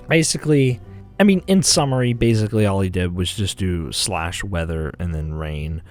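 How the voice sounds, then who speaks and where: A man's voice: sits low, moderate pace, darkish tone, soft background music. A young man telling comedic stories casually, rambling and joking as he interrupts himself. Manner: rambling, jokey, self-interrupting. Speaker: comedic video host.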